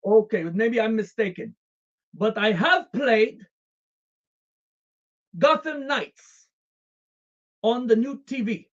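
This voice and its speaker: On a comedic live stream, a streamer plays a devoted Russian communist comrade, using a fake Russian accent and deadpan, formal broken English. The voice is mid-range and close to an everyday one, delivered slowly with long pauses. The highs sound cut off.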